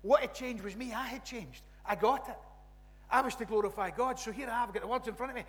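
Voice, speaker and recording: A Scottish pastor from the West Coast delivers a chatty, animated sermon, circling back with restarts and asides. His voice is bright and pitched high for a man. The hall around him rings with a long echo. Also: brisk. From Scotland. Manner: animated, rambling with restarts and "you know, right?" asides. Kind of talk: conversational sermon. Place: church.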